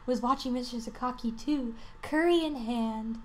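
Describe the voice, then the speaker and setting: A woman's voice: fairly high pitch, normal speed, slight background noise. A woman playing a dating game, reading it aloud casually with crude joking asides. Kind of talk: casual let's-play reading.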